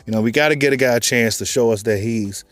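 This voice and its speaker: A man's voice: medium pitch, fast talker, dry recording. A man with a Texan accent giving casual, rambling boxing commentary, full of slang and repeated filler phrases. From Texas. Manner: loose, rambling, slangy, repeats "you know what I'm saying".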